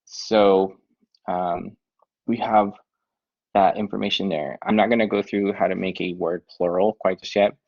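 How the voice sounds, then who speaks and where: A man teaching a Spanish class online, explaining tasks in a relaxed way with many filler ums. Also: low-pitched, a little slow. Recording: dull lo-fi online lesson audio.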